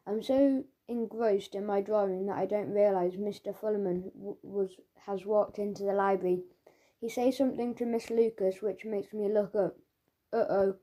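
A woman narrating a children's audiobook in the first person as a schoolboy, in a lively storytelling manner, recorded on a studio microphone. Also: medium pitch, normal speed.

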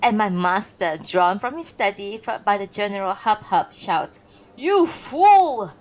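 Woman reading a novel aloud, expressive. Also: medium pitch, dull audio, a little hiss or hum. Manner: expressive reading with pauses and self-corrections. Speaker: narrator and streamer. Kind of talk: live-streamed audiobook reading.

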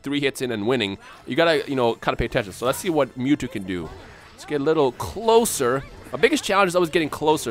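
A man hosting his own gaming channel, giving live gameplay commentary in an excitable way and rattling off repeated words when the action gets tense. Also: on the high side. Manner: excitable, repeats words rapidly under pressure.

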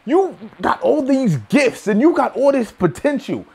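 A young man giving a motivational monologue to camera, emphatic and slangy, swinging between loud challenges and low asides. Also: very animated, unhurried, gravelly, husky. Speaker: motivational video host.

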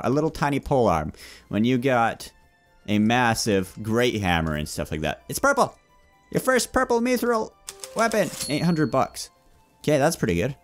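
A young man giving playful let's play commentary, chatting with game customers like a shopkeeper. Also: medium pitch. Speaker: gaming YouTuber.

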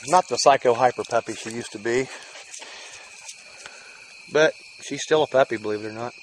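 A man's voice: medium pitch, moderate pace, noisy background. A middle-aged man, rambling casually in a home video while tending his dogs outdoors. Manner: rambling, folksy, coos at the dog. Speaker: family vlogger. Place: outdoors in a rural yard. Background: faint crickets and outdoor ambience.

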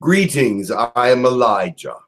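A man's voice: mid-range voice, sing-song, unhurried, a bit bright, a little hiss or hum, rough recording. A man voicing a solemn prophet spirit in a channeled message, speaking in an earnest, admonishing way.

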